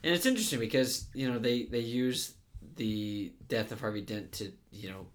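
A man's voice: medium pitch, normal speed. A man co-hosting a casual talk about movies, rambling with lots of fillers and restarts. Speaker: podcast co-host.

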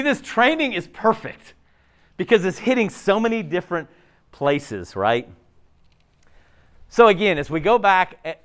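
A man preaching a sermon in a conversational, animated way, often restarting his sentences. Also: on the high side. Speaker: pastor.

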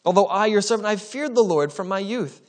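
Preacher voicing a scared servant begging for his life, pitched up and anxious. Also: animated, brisk. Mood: fearful pleading. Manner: anxious, pleading, raised voice. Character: frightened male servant pleading.

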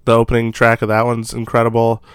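A man's voice: medium pitch, monotone, fast talker, smooth, no room sound, studio quality. A man co-hosting a podcast in casual chat, upbeat and joking. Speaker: podcast co-host.

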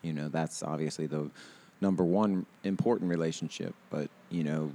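A man's voice: rumbling low, steady tone, normal speed, dark tone. A man in his thirties chatting casually on a podcast outdoors, rambling with lots of fillers and restarts and laughing often. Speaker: podcast host. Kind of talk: casual chat.

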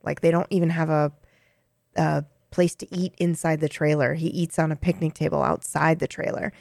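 Woman co-host, casual recap style, heavy vocal fry, dry close mic. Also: low voice, normal speed, dry recording. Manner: relaxed, acts out quotes while summarizing. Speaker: podcast co-host.

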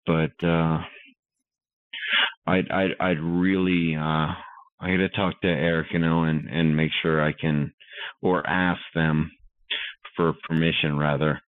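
A man talking casually as a podcast guest, halting and full of fillers and restarts, heard over a call line. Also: rumbling low, level tone, no room sound. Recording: tinny phone-line call.

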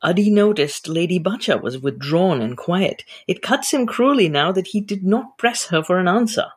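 Woman reading as a male sea captain, reserved, dry, measured, low, husky. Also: expressive. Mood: concerned.

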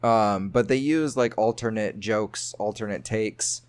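A man's voice: fairly low pitch, unhurried. A man co-hosting a podcast in casual chat, jokey and loose, laughing often. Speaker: podcast co-host.

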